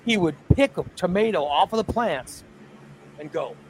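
A man's voice: high-pitched, expressive, normal speed, slight background noise, rough recording. A man on a morning talk show telling a long, rambling story in casual, crude language. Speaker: radio show co-host. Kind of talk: casual chat.

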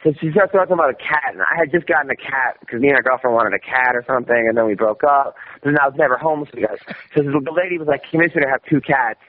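A man telling a rambling, animated story in casual conversation, swearing often and restarting his sentences. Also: mid-range voice, fast talker. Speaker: guest comedian. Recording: dull radio-style audio with faint noise.

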